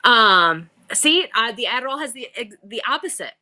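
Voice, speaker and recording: In a fairly high, very animated voice that's pushed and bright, a middle-aged woman talks at a moderate pace. She hosts a live-selling stream, bubbly and playful in an exaggerated customer-service voice, rambling between topics in casual chat.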